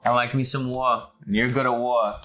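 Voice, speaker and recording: A man's voice: mid-range voice, steady tone, normal speed, a bit bright, faint music behind. A man playing a tabletop game, tossing out wry teasing quips. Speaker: player. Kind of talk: casual post-game chat.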